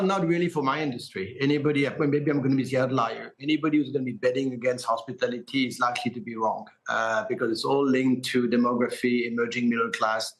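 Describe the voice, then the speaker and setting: A middle-aged man with a French accent, a hotel group's chief executive, giving quick, confident answers in a live TV business interview, with frequent "uh" fillers. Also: medium pitch, low-quality recording.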